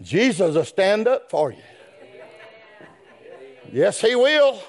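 In a very animated sermon, a man chants and whoops, trading quick low asides for long shouted phrases while using folksy speech and cries of "brethren." A crowd can be faintly heard.

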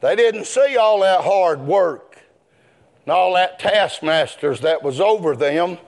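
A man preaching a sermon, rising into chanted shouts. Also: sits high, animated, slow, gravelly.

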